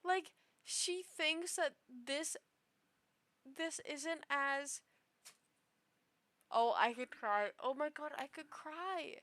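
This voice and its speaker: Tipsy, rambling high-voiced woman. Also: very slow, long pauses, a bit bright, no echo. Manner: rambling and emotional, with many restarts. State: tipsy after two shots. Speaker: streamer reading online posts. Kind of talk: casual reaction commentary.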